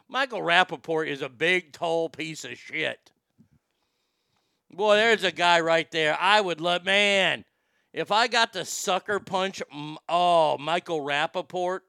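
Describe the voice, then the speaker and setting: High, bright-voiced man ranting. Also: smooth, dry recording, clean studio sound. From Texas. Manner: profane, animated, sarcastic. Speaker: host. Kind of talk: casual comedic rant.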